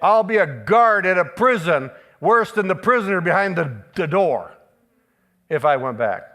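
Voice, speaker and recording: A man preaching a sermon. He speaks emphatically, repeats key phrases for stress, and moves between forceful declarations and playful asides. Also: high voice, expressive, moderate pace.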